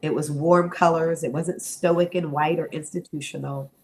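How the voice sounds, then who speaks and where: Low, gravelly-voiced woman telling her story. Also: moderate pace. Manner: animated storytelling, acts out quoted voices. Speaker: interview guest, therapist. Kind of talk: storytelling interview.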